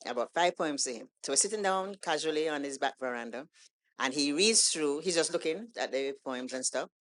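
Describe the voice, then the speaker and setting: A woman guest on a podcast, telling a story in a casual, animated way and acting out the lines of the people in it. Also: low voice, a little fast. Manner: animated storytelling, acts out quoted dialogue. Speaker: guest poet.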